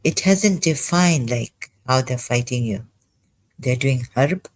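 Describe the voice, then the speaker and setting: An ex-Muslim commentator reads scripture aloud and remarks on each verse in a slow, deliberate, medium-pitched yet animated voice. He often halts and restarts, sounding agitated as he thinks aloud, and the audio quality is poor.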